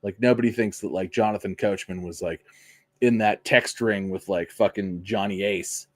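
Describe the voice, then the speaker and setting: A man's voice: lowish voice, normal speed. A man from the Pittsburgh area hosting a wrestling podcast, talking in a loose, profane, filler-heavy chat. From Pittsburgh area, USA. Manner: animated, swearing, lots of fillers.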